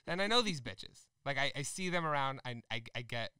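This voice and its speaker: Fast, combative guy ranting. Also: mid-range voice, expressive, sharp tone, clean tone, no echo. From New Jersey. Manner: combative ranting, swearing freely. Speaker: podcast co-host. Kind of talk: casual chat.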